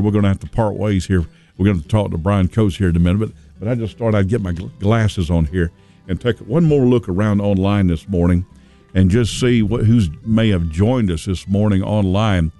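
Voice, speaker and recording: A man's voice: fairly low pitch, fairly quick, dark tone, soft background music. A man hosting a local Christian radio show, chatting in a folksy, rambling way. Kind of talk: casual local radio talk. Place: radio studio.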